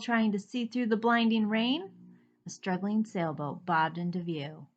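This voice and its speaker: A woman teacher reading a children's picture book aloud, with expressive, dramatic storytelling. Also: mid-range voice, unhurried. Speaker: first-grade teacher. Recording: slightly dull lo-fi recording.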